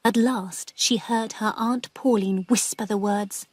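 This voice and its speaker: Slow, breathy woman storyteller. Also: medium pitch, fairly even intonation. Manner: slow and careful. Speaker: narrator. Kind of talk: scripted story narration for English learners.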